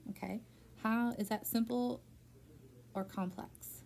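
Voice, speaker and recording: A woman teacher works one-on-one through a phonics lesson in a school room. Her voice is mellow and dark, with a gravelly rasp at the bottom. She is patient and slowly draws words out syllable by syllable so they can be heard. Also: on the high side, fairly even intonation, slight background noise.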